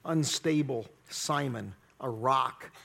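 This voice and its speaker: A man's voice: mid-range voice, slow pace, creaky, a bit bright. A man preaching a sermon in an earnest, emphatic teaching manner. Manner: earnest, emphatic teaching with rising force on key words.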